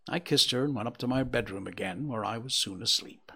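A man reading a dramatic story aloud in an expressive, theatrical way. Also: mid-range voice, brisk, creaky, breathy edge. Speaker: audiobook narrator.

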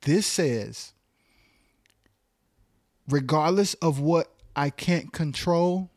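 A man's voice: on the high side, extremely slow, darkish tone, no room sound, studio quality. A man hosting a podcast in casual conversation, making emphatic points and asking probing questions.

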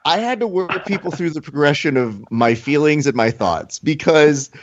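A man's voice: on the high side, lively intonation, normal speed, lo-fi sound. Mock-outraged man telling a story. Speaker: podcast co-host. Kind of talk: casual banter, playful ranting.

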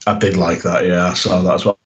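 A man's voice: deep voice, level tone, fast talker, muffled recording. A man hosting a podcast, chatting casually with frequent fillers, restarts and laughter. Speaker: podcast host.

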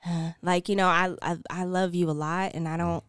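A woman's voice: on the low side, flat delivery, normal speed, clear, resonant tone, no echo, clean studio sound. A woman in her thirties co-hosting a podcast, talking frankly and animatedly and laughing easily. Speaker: podcast co-host. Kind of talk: casual chat.

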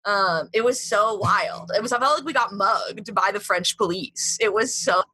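A woman guest on a comedy podcast telling a story in a casual, chatty way, full of "like" and "um", with an animated retelling. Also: mid-range voice, moderate pace, breathy edge, no room sound. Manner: chatty, heavy with "like" and "um".

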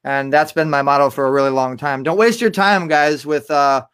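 A man's voice: fairly high pitch, moderate pace, fairly bright tone, clear, resonant tone. A man speaking as a guest on a live stream, enthusiastic and repeating words as he goes. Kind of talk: casual live-stream talk.

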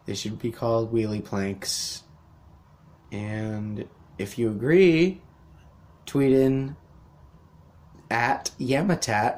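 A man's voice: medium pitch, a little mellow. A young man hosting a podcast, delivering a rambling, profane rant with sarcastic asides. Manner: rambling, sweary, sarcastic mock voices. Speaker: podcast host. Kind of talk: profane ranting monologue.

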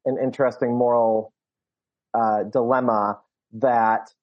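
A man's voice: medium pitch, flat delivery, takes it slowly, muffled recording. A man co-hosting a podcast, talking through a film in casual chat with many restarts. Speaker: podcast co-host.

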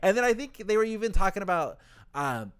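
A man co-hosting a casual podcast, recapping a story with animated, swearing asides and quick character voices. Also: high-pitched, clean tone, no echo, studio quality. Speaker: podcast co-host.

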